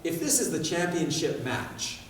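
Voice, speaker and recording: A man giving a public talk in a school hall, telling stories in an animated way, with sound effects. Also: fairly high pitch, measured pace, a little hiss or hum. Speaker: guest speaker. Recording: echoey hall, far mic, faint ambience.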